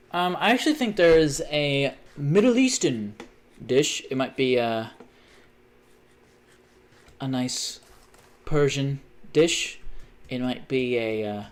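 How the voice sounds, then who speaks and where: A man chats away while he plays a game on stream, his talk rambling and salted with curses. He wanders from one tangent to the next in an easy, mid-range voice. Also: medium pitch. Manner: rambling, profane, jumpy tangents. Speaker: gaming livestreamer. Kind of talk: casual chat while gaming.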